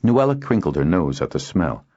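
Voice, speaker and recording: A man reading an audiobook aloud as narrator, in a steady storytelling delivery. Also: low voice, moderate pace, breathy edge, lo-fi sound. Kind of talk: scripted narration.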